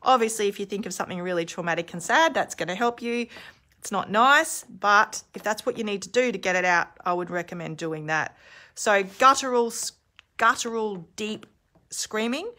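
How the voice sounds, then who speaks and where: A woman's voice: mid-range voice, moderate pace, bright, forceful tone. A woman in her thirties giving a candid, chatty how-to talk as an emotional release coach, recorded on a handheld phone. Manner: chatty, candid, demonstrates screams and sounds aloud. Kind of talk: casual instructional talk. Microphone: phone held in hand.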